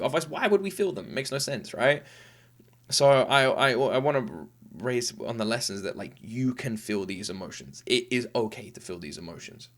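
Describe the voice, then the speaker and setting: His voice sits at a medium pitch with a touch of brightness. Having just cried, the man, in his thirties and hosting a reaction video, talks tearfully and sincerely in a casual emotional monologue that wanders and keeps restarting.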